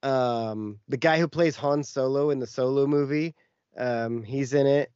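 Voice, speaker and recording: A man's voice: mid-range voice, a little slow, a little mellow, smooth, no room sound, muffled recording. A man co-hosting a podcast, telling a long story in casual chat with lots of fillers. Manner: rambling storytelling with many fillers. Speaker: podcast co-host.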